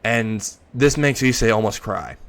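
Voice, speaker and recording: A man's voice: on the low side, expressive, a little slow, a bit bright. A man narrating an improvised fan story in a rambling way, often correcting himself.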